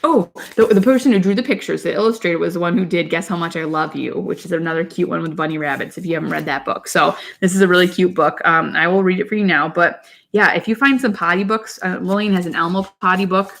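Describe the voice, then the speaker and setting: A woman's voice: fairly low pitch, quick pace, creaky, hardly any pauses, fairly bright tone. A young woman, a mother, chatting casually to camera with parenting tips, rambling with side remarks.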